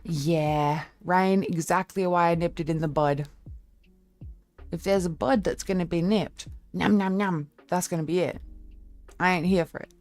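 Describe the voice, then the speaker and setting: A woman streamer chatting casually with her viewers, blunt and candid, with a lower-toned voice and a quick laugh. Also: fairly even intonation, a little mellow, soft background music. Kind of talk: casual live-stream chat.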